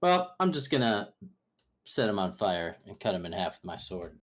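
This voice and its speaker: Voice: deep voice, big pitch swings, normal speed. A player at a tabletop game, with an intonation that swings widely. He keeps his answers short and blunt.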